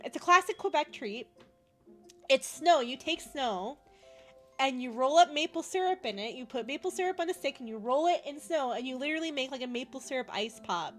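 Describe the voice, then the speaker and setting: A woman streamer with a high voice chats casually and giggles a lot between her thoughts. Quiet music plays softly behind her. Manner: giggly, laughs often, chatty. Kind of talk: casual chat.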